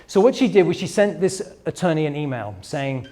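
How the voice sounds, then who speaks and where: A man's voice: fairly high pitch, animated, fairly quick, warm tone. A middle-aged man, a business coach, giving a live workshop presentation in a conversational, digressive way and speaking straight to the room.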